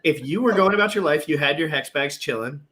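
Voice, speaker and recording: A man's voice: fairly high pitch, animated, fast, fairly bright tone. A man talking casually and animatedly on a roundtable podcast, loose and profane. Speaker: podcast co-host.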